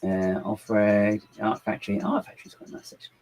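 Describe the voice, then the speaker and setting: Chatty gravelly man streaming. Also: lowish voice, level tone, a little fast, darkish tone, rough recording. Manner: chatty, muttering to himself, reading out chat comments. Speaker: LEGO builder streaming live. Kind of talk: casual livestream chat.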